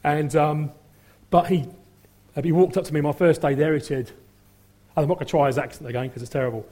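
Telling his personal testimony as a story, a middle-aged man speaks in a mellow, husky voice pitched a bit high for a man, with a steady tone and brisk pace. He wanders through it with lots of ums, performing the voices of those he quotes.

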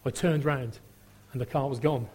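A man's voice: mid-range voice, fairly even intonation, normal speed, mellow, slightly rough. A middle-aged man giving a rambling personal testimony full of fillers, acting out the voices he quotes. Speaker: testimony speaker.

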